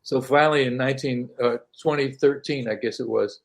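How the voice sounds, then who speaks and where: An older man, a singer-songwriter, telling stories casually as an interview guest, animated, laughing often and repeating words. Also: mid-range voice, a little fast, vocal fry. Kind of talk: casual storytelling.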